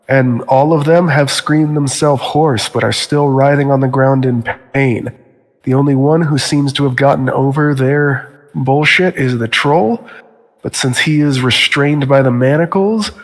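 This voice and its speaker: A man's voice: a little high, big-room sound. A man narrating a tabletop game as game master, describing scenes steadily and briefly voicing nervous guards.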